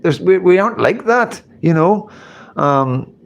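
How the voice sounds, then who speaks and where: A man's voice: high-pitched, expressive, measured pace, gravelly, dull audio. A man hosting a casual live stream, reading chat comments and rambling with repeated phrases and casual swearing. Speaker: livestream host reading chat.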